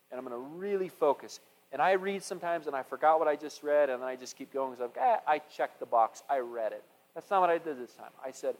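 A man preaching a sermon, impassioned, swinging from loud declarations to hushed, intimate prayer. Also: on the high side. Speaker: pastor. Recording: long hall reverb.

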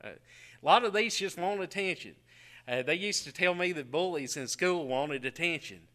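Folksy preacher man, bright tone. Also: on the high side, normal speed. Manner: folksy storytelling, chuckles often, drops to quiet asides. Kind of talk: folksy sermon.

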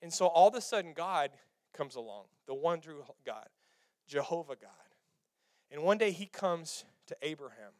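A male pastor preaching a sermon in church, animated, swinging from quiet to loud and calling on the congregation to respond. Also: fairly high pitch, normal speed, no room sound, clean studio sound.

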